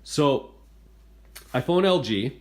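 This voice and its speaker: A man speaks into a handheld phone camera inside his home kitchen. He rants about a bad repair visit in an exasperated, hurried way. His voice sits at an ordinary male pitch. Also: expressive. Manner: exasperated, retelling events in a rush. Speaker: homeowner reviewing appliances. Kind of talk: ranting home video complaint.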